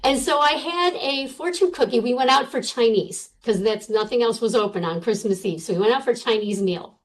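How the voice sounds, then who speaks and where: A middle-aged woman guest telling a personal story in a casual, animated way, with many fillers. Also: fairly high pitch, brisk, low-quality recording.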